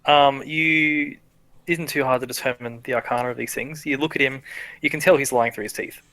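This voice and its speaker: A man's voice: medium pitch, fairly even intonation, brisk, sharp tone, no room sound, faint music behind, rough recording. A man narrating as game master in a casual, laughing manner with many restarts. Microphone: headset or desk mic, streaming.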